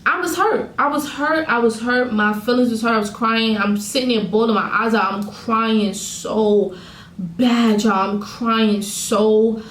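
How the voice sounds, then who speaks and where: A woman's voice: fairly high pitch, a little slow, a bit bright. Venting woman vlogger in an echoey room. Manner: candid, venting, addresses viewers as y'all. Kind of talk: emotional storytime vlog.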